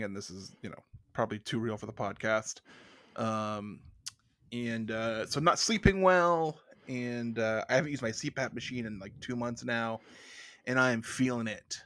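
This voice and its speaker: A tired man chatting on a podcast, drifting through long deadpan stories. His voice sits at an ordinary pitch and is recorded dry and close, with no room sound around it. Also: moderate pace, dry recording. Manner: rambling, deadpan storytelling. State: tired, yawning. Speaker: podcast co-host. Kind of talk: casual podcast banter.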